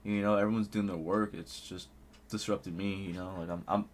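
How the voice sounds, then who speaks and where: A man doing a calm teen boy talking back. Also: lowish voice, fairly quick, pitched below the performer's own voice, lightly acted. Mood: calm pleading.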